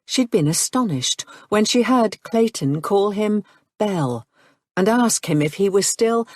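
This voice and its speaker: A woman reading a novel aloud in a measured, unhurried way. Her voice sits low, and the recording is dry and close with no room sound. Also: darkish tone, no echo. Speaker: audiobook narrator. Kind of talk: scripted narration.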